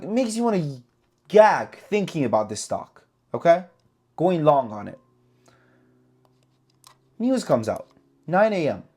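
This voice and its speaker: Male trading vlogger, talks fast and loose, swears, repeats for emphasis, lively pitch, slightly high voice. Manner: animated, profane, repeats himself for emphasis. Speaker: trading channel host. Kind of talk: casual trading recap vlog.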